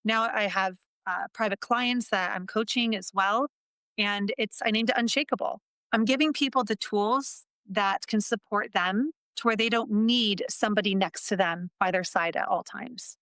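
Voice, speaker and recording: A woman speaks in a heartfelt, earnest way and often repeats a phrase to drive it home. Her voice sits at an ordinary middle pitch. The recording is close and dry, with no room sound. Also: moderate pace, fairly bright tone, no echo. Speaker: podcast guest, entrepreneur and coach. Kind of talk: casual interview talk.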